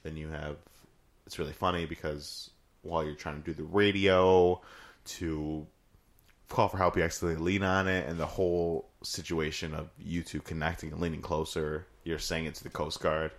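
In a flat bass voice at a moderate pace, a man co-hosts a podcast about a video game. The chat is casual, laced with swearing, and he acts out lines in silly voices.

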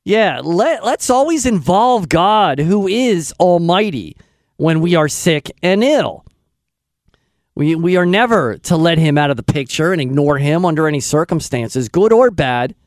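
A man's voice: a little high, animated, a little slow, no room sound, studio quality. Chatty male radio host. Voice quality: chatty, rambling. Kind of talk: casual radio talk.

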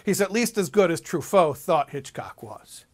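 A man speaking as a rabbi, telling a personal story in an animated way and often repeating himself. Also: on the high side, normal speed. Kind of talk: storytelling talk.

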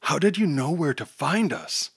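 A teenage boy superhero leader calls out urgently and sounds exasperated, his voice pushed well above a grown man's pitch as a man acts him. The sound is dry and close to the mic. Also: very animated, normal speed, gravelly, a bit bright, breathy edge, dry recording, exaggerated voice. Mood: weary.

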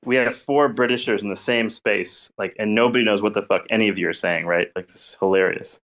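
A man on an online group call, clearly amused. His voice is low, and he keeps ribbing the others as the chat goes on. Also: steady tone, brisk, fairly bright tone. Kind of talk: casual banter on an audio call.

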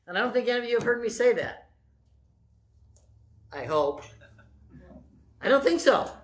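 Animated conversational preacher man. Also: very high voice, normal speed. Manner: animated, conversational, asks the audience questions. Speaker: pastor. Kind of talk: sermon.

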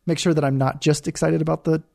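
Male co-host, mellow dark tone, dry close sound, casual halting chat. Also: fairly high pitch, little pitch movement, vocal fry, no echo. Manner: halting, restarts often, playful. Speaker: podcast co-host.

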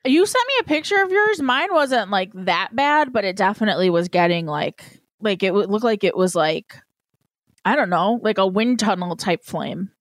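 A woman co-hosting a casual chat in an easygoing, hesitant way, full of fillers. Her pitch is middling and the sound dry and close. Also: lively intonation, moderate pace, no room sound.

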